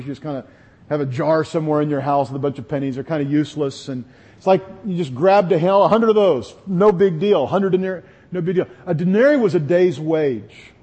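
Husky-voiced man preaching earnestly. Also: on the high side, mellow, lo-fi sound. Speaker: pastor. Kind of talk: sermon.

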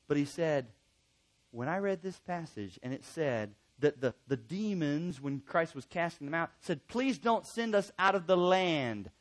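Middle-aged man, preacher, slightly high pitch, emphatic peaks and soft storytelling. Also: big pitch swings, moderate pace. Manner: swings from loud emphatic peaks to quiet intimate storytelling. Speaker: pastor. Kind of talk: sermon.

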